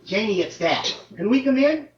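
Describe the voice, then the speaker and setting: Woman playing a fussy, soothing older dad. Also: moderate pace. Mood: coaxing. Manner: coaxing, lively pitch swings. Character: gentle fussy older father, soothing and placating. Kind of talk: stage play acting. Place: theater stage. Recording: dull lo-fi roomy stage recording.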